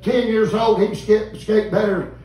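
A man, preaching a revival sermon in a folksy, animated storytelling way and calling out to the congregation. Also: high-pitched, moderate pace. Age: 50s. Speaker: visiting preacher. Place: church sanctuary. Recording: echoey church room, mic at a distance.

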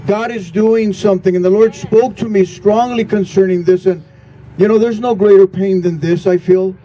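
A man's voice: sits high, fairly even intonation, normal speed, mellow, dull audio, slight background noise. A grieving man, a pastor, giving an earnest prayer vigil address with a repetitive preaching cadence.

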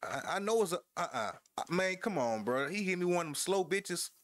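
A man's voice: sits high, expressive, brisk, fairly bright tone. A man casually commenting on his wrestling game as he plays, trash-talking his opponent, laughing and talking to his viewers. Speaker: gamer. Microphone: headphones headset.

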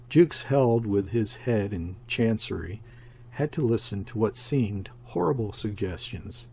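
A man narrating a classic sea story as an audiobook reader, in a steady, measured way. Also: on the low side, gravelly, breathy edge.

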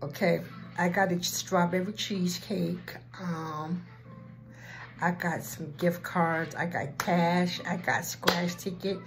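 Woman, casual vlogger, slow earnest delivery, lowish voice, faint music behind. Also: fairly even intonation, low-quality recording. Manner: slow and heartfelt, with filler ums. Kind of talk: casual chat.

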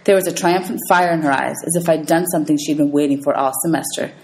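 Lively woman teacher reading aloud. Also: deep voice, fast, poor audio. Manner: lively storytelling with voices for characters. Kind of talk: reading a novel aloud to students.

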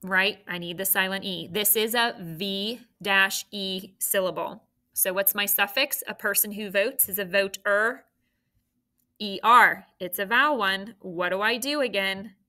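A woman's voice: mid-range voice, a little slow, bright, forceful tone. A woman teaching a phonics lesson, patiently prompting the children and praising their answers.

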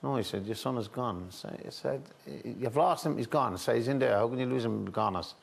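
Gravelly Irish man, halting storyteller. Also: medium pitch. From Ireland. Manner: halting, repetitive, lots of "I said" and restarts. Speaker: talk show guest. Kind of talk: emotional storytelling on a chat show.

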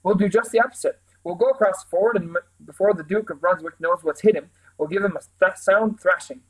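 A man's voice: sits high, fairly quick, slightly rough, voice pushed up, low-quality recording. A man voicing a pompous, blustering army colonel in a storybook reading, with a plummy, self-important manner. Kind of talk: storybook character voice.

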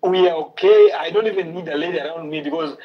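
Guy calling in from his car, kinda high voice, muffled phone sound, rambles and trips over words. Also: fast talker, a crowd in the background. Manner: rambling, excited, stumbling over words, laughs. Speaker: caller. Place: in a car with sleeping children. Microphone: phone call. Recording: dull phone-line sound.

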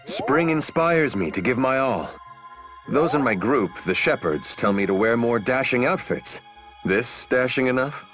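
A man's voice: medium pitch, lively intonation, a little slow, close to an everyday voice. A man voicing an earnest young male prince warrior in a video game, speaking in an upbeat, proud, declamatory way. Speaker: video game character voice lines. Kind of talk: game voice acting. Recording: game audio with clear music. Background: game music.

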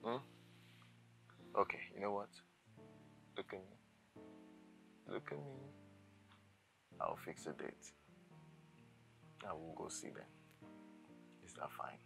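A man with a Nigerian accent playing a smooth-talking, assured lover who coaxes his fiancée in a soft, half-whispered voice. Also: lowish voice, lively intonation, takes it slowly, long pauses, heavily acted, low-quality recording. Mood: coaxing. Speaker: Doris's rich fiancé. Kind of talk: film drama acting. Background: soft guitar music.

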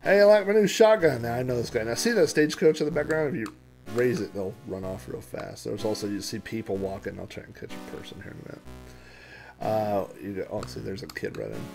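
A man's voice: fairly low pitch, expressive, brisk, creaky, a little mellow, soft background music. A man hosting a retro gaming podcast, joking and chuckling casually through his gameplay commentary. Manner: jokey, chuckling, breaks into silly character voices.

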